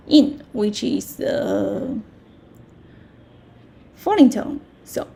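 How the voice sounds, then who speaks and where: Slow gravelly-voiced woman teacher. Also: a little high, expressive, mellow. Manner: repeats words slowly, checks with "okay?". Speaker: Chinese language teacher. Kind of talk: slow, patient language lesson.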